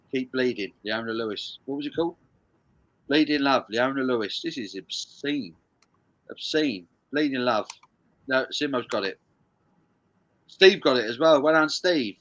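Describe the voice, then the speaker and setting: A man hosting a live stream quiz, jokey and animated, reading out viewer comments as he goes. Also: medium pitch, moderate pace, pauses often, poor audio. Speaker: live stream host running a lyrics quiz. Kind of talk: casual live stream chat.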